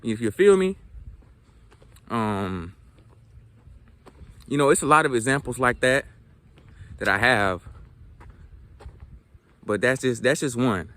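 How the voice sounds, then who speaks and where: A man's voice: medium pitch, expressive, slow, long pauses, pushed and bright. A young man from South Georgia with a light Southern accent, talking casually to camera about learning languages, earnest and reflective, with frequent fillers and restarts. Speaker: language vlogger.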